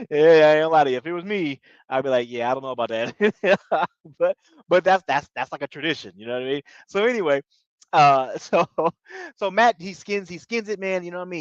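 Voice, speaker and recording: A man's voice: on the high side, no room sound. Rambling man recapping a show, lo-fi. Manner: rambling, repeats himself, fillers like "you know what I mean". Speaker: TV show reviewer. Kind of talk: casual episode recap. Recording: dull lo-fi dry recording.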